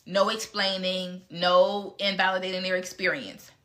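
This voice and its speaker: A woman talks straight and unfiltered as she answers questions from her audience. Her voice is bright and forceful. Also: lowish voice, little pitch movement, unhurried. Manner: frank and blunt, with mild cursing. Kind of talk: casual live Q&A talk.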